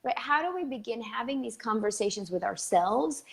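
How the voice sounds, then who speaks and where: A woman host and coach asking long, halting questions packed with fillers. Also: on the high side, lively intonation, creaky, husky. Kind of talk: interview questions.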